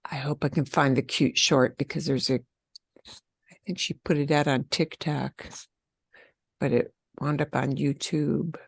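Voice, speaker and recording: A woman's voice: deep voice, steady tone, vocal fry, slightly rough, no room sound, clean studio sound. Upbeat woman teaching beginner Spanish. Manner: upbeat, encouraging, models phrases slowly for repetition. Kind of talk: online beginner language class.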